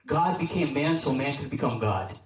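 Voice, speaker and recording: A man's voice: lively intonation, normal speed. A man, a deacon, giving a casual sermon to a youth group, telling a story and often checking in with his listeners. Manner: conversational, checks in with the audience; storytelling, drops low for emphasis. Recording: echoey hall, distant mic.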